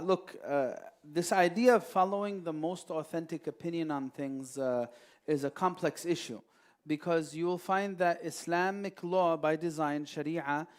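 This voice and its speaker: A man with a rather high voice answers questions from a mosque audience. He explains step by step, with many fillers and short quotes recited in Arabic. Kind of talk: religious Q&A talk. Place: mosque hall.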